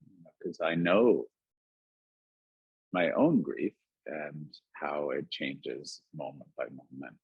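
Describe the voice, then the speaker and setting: A man with a very deep, husky voice speaks in a gentle, musing way, his thoughts wandering through many "like"s and "you know"s. He is heard over a video call, and the sound is dull, lo-fi and dry. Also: slow pace, pauses often, no room sound. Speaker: guest author. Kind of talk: reflective conversation. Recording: dull lo-fi webinar audio.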